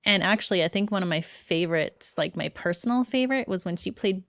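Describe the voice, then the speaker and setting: A woman's voice: fairly low pitch, animated, brisk, a bit bright, no room sound, studio quality. A woman co-hosting a podcast in casual chat, agreeable and laughing often. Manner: giggly, agreeable, frequent laughter. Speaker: podcast co-host.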